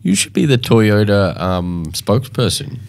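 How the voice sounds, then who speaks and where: A lower-pitched man co-hosting a radio show. He keeps the chat loose and casual, with plenty of teasing banter. His voice sits a bit low for a man. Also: sing-song, a little slow, vocal fry, a little mellow, a little hiss or hum. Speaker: radio co-host.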